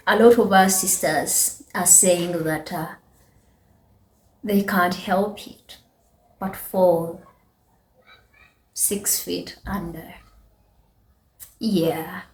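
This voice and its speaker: A Ugandan woman hosting a reaction vlog, unhurried and chatty, pausing often. Her voice sits in an ordinary middle range. It rings in a bouncy, echoey room. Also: medium pitch, darkish tone. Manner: slow, measured, chatty, with many pauses. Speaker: channel host. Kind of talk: reaction video commentary.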